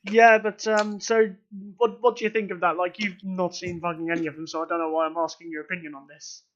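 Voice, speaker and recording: A young man co-hosting a casual podcast, laughing often and swearing in quick asides. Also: sits high, level tone, fairly bright tone, slight background noise. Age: young adult. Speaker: podcast co-host. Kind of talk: casual chat. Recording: dull lo-fi audio.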